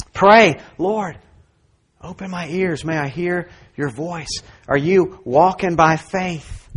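Earnest man preaching, slightly high voice. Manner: earnest, emphatic, swings between soft asides and raised exhortation. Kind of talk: sermon with personal story.

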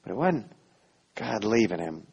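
A man preaching a sermon as pastor, earnest and full of restarts, rising to loud emphasis and dropping to soft, quiet lines. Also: on the low side, big pitch swings, measured pace, gravelly, slightly rough, lo-fi sound.

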